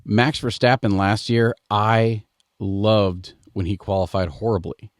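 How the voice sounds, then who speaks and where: American man, low voice, dry close mic, rambling podcast host, middle-aged. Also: fairly even intonation, measured pace, no echo. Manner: rambling, digressive. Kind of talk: casual chat.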